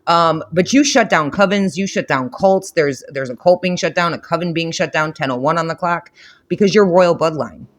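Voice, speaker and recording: A man's voice: fairly high pitch, moderate pace, fairly bright tone. A man giving a spiritual reading to camera, blunt and profane, with frequent repetition and emphatic outbursts. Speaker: tarot reader.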